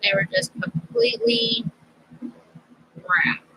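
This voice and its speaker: A middle-aged woman chatting slowly as a craft vlogger, rambling with fillers. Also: on the high side, fairly even intonation, sharp tone, a little hiss or hum, low-quality recording. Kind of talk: casual crafting chat.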